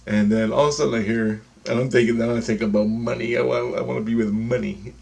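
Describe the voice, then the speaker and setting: A man's voice: medium pitch, steady tone, fast talker, creaky, few pauses, darkish tone. A man telling a long dream story in a casual, meandering, profane way.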